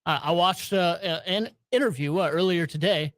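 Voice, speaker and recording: A man's voice: high-pitched, normal speed, a bit bright, no echo. A man with a Southern accent that has some northern traces, co-hosting a sports podcast in a laid-back, agreeable way. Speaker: podcast co-host. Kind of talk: casual sports podcast chat.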